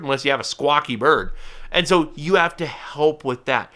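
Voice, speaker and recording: A man's voice: fairly high pitch, brisk. A man who is a falconer, giving an educational talk to camera with lots of restarts and a habit of slipping into playful voices. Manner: animated, with frequent restarts and playful put-on voices.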